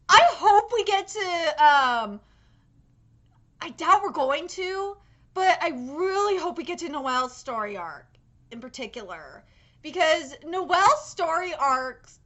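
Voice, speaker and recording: A young woman giving excited live reaction commentary on an anime episode, gushing and swearing freely with squealing outbursts. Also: extremely high pitch.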